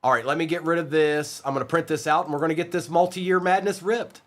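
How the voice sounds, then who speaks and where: Speaking in a slightly high, steady voice, a man runs a live-streamed trading card break. He chats casually with viewers by name and reads off player lists at speed.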